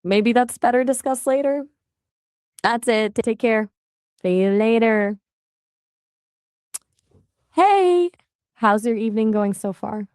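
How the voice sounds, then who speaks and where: A woman's voice: fairly high pitch, expressive, takes it slowly, pauses often, darkish tone, clean tone, no room sound, clean studio sound. A woman's voice acting as an AI voice assistant in casual chat, chatty and polite, often asking follow-up questions.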